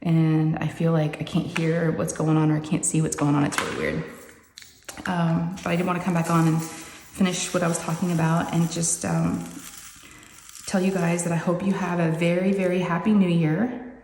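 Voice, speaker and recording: Speaking with a lowish, darkish voice, a level tone, and normal speed, a woman chats casually with her crafting-channel audience. She's talkative and wanders off topic, saying "y'all," from an upstairs craft room with the door closed. Expect long reverb from the echoey room and faint noise.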